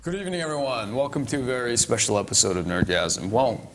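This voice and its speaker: A man's voice: mid-range voice, very animated, fast, a bit bright, faint music behind. A man hosting a casual panel chat about nerd news, rambling along with many fillers and restarts. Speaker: host.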